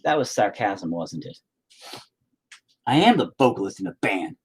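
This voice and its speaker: A man's voice: low voice, big pitch swings, normal speed, a little hiss or hum. A middle-aged man chatting casually on his vlog, rambling, swearing and sarcastic. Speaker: vlogger, band vocalist.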